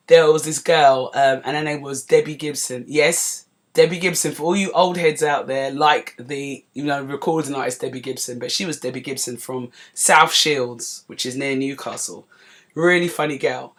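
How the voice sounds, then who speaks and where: A woman in her forties from North London with a London accent, hosting a podcast and telling a story in a lively, chatty way with asides to her listeners. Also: deep voice, moderate pace. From North London, England. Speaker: podcast host. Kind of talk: casual storytelling monologue.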